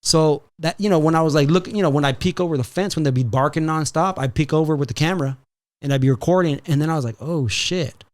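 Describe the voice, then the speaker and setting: Man, podcast host, slightly high voice, casual storytelling, profane, animated. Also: quick pace. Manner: profane, animated storyteller, mixes in Spanish phrases.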